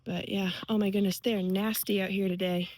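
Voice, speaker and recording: A woman talking to her viewers while fast walking outdoors on a wooded trail, out of breath, chatty and reflective. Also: medium pitch, flat delivery, darkish tone, no echo, poor audio. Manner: chatty, reflective, laughs easily. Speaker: vlogger. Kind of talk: walking vlog musing.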